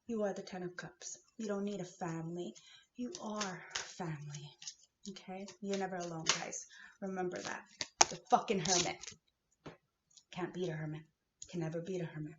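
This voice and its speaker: A woman from Kahnawake in Canada giving a heated spiritual rant to her viewers. She swears freely and swings between shouts and hushed whispers. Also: mid-range voice. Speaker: vlogger. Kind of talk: emotional spiritual rant to camera. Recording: echoey dull-sounding room with faint hiss.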